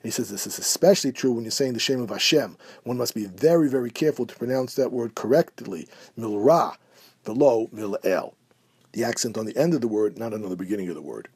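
A man teaching a halachic lesson, explaining Hebrew quotes in a steady way. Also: mid-range voice, fast, hardly any pauses, breathy edge. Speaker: Torah teacher. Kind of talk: halachic lecture.

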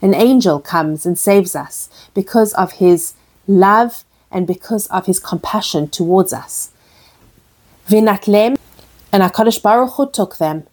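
A woman's voice: medium pitch, a little slow, a little mellow. A woman teaching a Torah lesson in an earnest way. She says her with a sound and puts each one into English as she goes. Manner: earnest, translates each Hebrew phrase into English. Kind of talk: explaining verses line by line.

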